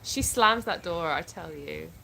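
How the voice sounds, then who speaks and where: A woman's voice: lowish voice, lively intonation, measured pace, bright, forceful tone, rough recording. A woman, hosting a casual livestream at home and chatting through viewer comments as she reads them out. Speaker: livestream host. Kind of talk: casual live chat. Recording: clear background noise with clicks.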